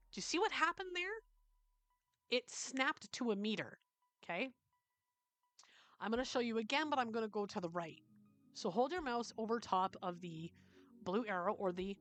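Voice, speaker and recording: A woman with a Canadian accent hosting a screen-recorded software tutorial, chatty and checking in often with "okay?". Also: medium pitch, no room sound. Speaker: tutorial host.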